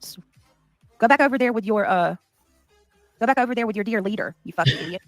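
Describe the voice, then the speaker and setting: A woman's voice: mid-range voice, lively intonation, quick pace, no room sound, soft background music. A woman chatting casually on a livestream, reading out and thanking donations.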